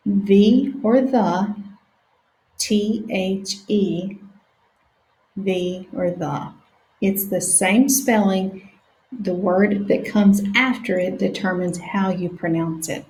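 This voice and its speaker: Slow, patient woman teaching phonics. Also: mid-range voice, darkish tone. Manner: slow, sounds words out letter by letter. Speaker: reading teacher. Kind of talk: slow phonics lesson for young children. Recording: echoey room.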